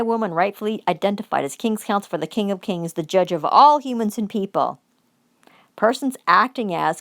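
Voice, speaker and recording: A woman's voice: medium pitch, gravelly. A woman ranting angrily to camera, swearing heavily and reading out formal-sounding demands between outbursts. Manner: heated, swearing, accusatory. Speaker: vlogger. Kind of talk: angry profane rant.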